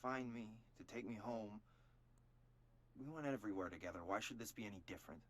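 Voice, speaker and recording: A man's voice: lowish voice, brisk. An actor voicing a withdrawn, resentful young man who sighs through questioning in a video game. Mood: bitter. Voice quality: sighing, flat and resentful. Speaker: interviewee.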